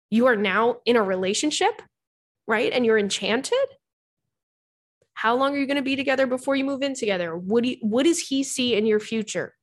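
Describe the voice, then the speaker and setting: A young woman hosting a podcast from her home, chatting frankly and casually about dating, swearing freely and calling her listeners "girl.". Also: on the high side. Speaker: podcast host. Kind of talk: casual advice chat reading listener messages. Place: home bedroom with cats.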